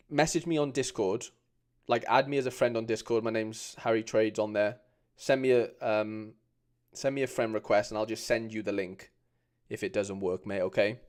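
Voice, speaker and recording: A man's voice: lowish voice, a little mellow. A man chatting informally on a live stream, answering viewers with frequent restarts and slang. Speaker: streamer reviewing fan card collections. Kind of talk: casual live stream chat.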